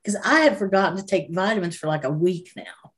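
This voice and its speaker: A woman's voice: fairly low pitch, lively intonation, brisk. A woman, co-hosting a casual chat in a chatty, self-deprecating way. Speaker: co-host.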